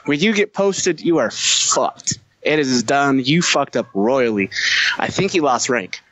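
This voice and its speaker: A man who is a Marine veteran and podcast guest, telling profane, animated war stories in casual conversation, laughing often. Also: mid-range voice, unhurried, no room sound, poor audio. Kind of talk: casual storytelling.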